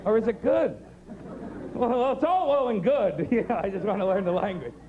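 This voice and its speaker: A man doing an observational stand-up routine, animated riffing with sing-song mimicry. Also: high voice, moderate pace. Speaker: stand-up comedian. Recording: dull 90s TV recording with crowd noise. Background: audience.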